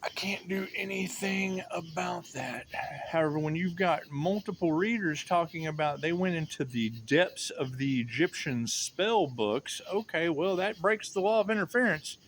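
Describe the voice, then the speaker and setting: A man's voice: fairly high pitch, moderate pace, few pauses, a little hiss or hum. A man giving a rambling, sardonic and profane monologue as a tarot reader, often repeating himself.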